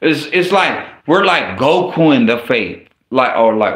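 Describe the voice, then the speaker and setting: A man preaches an informal sermon and reads scripture aloud, speaking casually with slang and frequently stumbling and restarting. His medium-pitched voice has lively intonation, a moderate pace and few pauses, heard in an echoey room.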